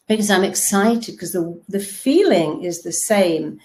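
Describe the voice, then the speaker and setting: A woman's voice: mid-range voice, expressive, normal speed, mellow. A woman self-help speaker giving a motivational talk, telling stories and acting out the voices of people she quotes, with emphatic repeated words.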